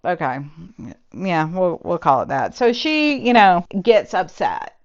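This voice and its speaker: A woman's voice: fairly low pitch, sing-song, measured pace, dull audio. A woman casually recapping and reviewing a novel with a sarcastic, exasperated manner. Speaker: book reviewer. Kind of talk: casual spoken book review.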